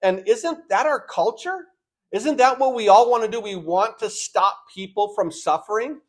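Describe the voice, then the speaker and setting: A man's voice: high voice, animated, normal speed. An older man, a pastor, preaching a sermon, asking his listeners rhetorical questions and acting out the voices he quotes.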